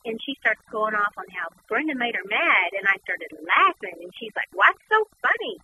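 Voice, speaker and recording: A woman guest and author telling a personal story in conversation, animated and repeating words as she goes. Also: mid-range voice, moderate pace. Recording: noisy background.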